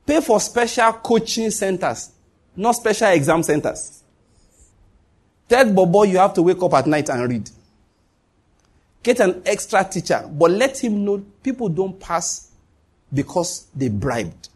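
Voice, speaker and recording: Husky, high-voiced preacher. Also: male voice, very animated, measured pace, pauses often. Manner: emphatic, repeats points, swings pitch up and down. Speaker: pastor. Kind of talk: sermon.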